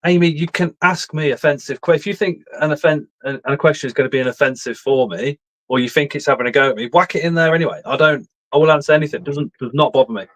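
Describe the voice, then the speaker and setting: A man's voice: a little high, quick pace, few pauses, fairly bright tone, low-quality recording. Man hosting a live chat, rambly jokey talk. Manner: joking, rambling, chatty. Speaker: live stream host. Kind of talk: casual chat.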